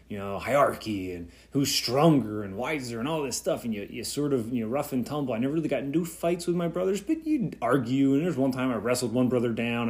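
Guy in his 30s rambling thoughtfully on his own podcast, lots of you know and uh, average pitch. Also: darkish tone. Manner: reflective, rambling with fillers and restarts. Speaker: podcast host. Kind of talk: solo podcast talk.

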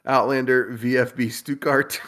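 A man hosting a casual podcast, reading a listener's list aloud with wry, deadpan asides and frequent chuckles. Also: mid-range voice, a little slow. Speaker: podcast host.

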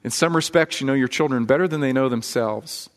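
A man's voice: medium pitch, a little fast. A man preaching a sermon as pastor, earnest and conversational, telling stories to his congregation. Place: church sanctuary. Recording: long hall reverb in a church.

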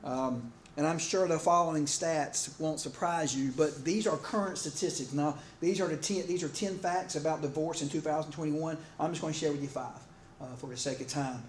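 A male preacher with a fairly high voice, talking to his congregation in a loose, rambling style full of fillers and restarts. He sounds like he is speaking in a church hall. The room adds a lot of echo, with a faint ambient hum underneath. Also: fairly even intonation, moderate pace. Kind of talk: sermon with humorous stories.

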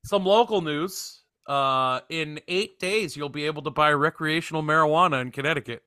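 A man's voice: a little high, normal speed, pushed and bright, clear, resonant tone, no room sound, clean studio sound. A young man hosting a podcast, joking and swearing in casual chat. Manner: profane and joking. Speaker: podcast host.

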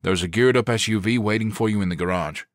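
A man's voice: fairly low pitch, dry recording, clean studio sound, pitched above the performer's own voice, close to an everyday voice. A man doing a grave police captain. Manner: grave, measured. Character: somber middle-aged male police captain.

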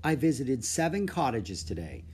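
A man's voice: medium pitch, very animated, normal speed, a little mellow, husky. A man voicing a prim, sweetly condescending young girl of a grand house. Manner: prim, genteel.

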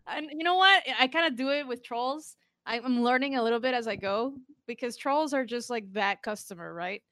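A woman's voice: a little high, moderate pace, fairly bright tone, dry recording. A young woman streamer in casual chat, giggling often and rambling with lots of fillers.

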